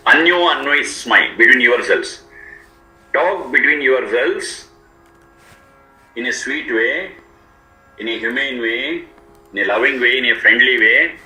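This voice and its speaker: Bright-voiced man lecturing, echoey room. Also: medium pitch. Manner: slow, repetitive word-by-word explanation. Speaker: Vedic teacher. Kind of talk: explanatory lecture.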